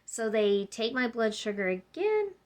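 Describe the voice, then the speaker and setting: A woman's voice: fairly high pitch, sing-song, unhurried, darkish tone. A woman vlogger casually telling a personal story to her camera at home, rambling and acting out what other people said. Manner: chatty, rambling, acts out quoted people.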